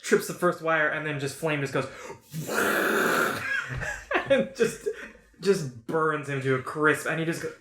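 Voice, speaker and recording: A game master narrates the scene with animated, giggly energy, in a middle-pitched voice. The recording has a roomy echo. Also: normal speed.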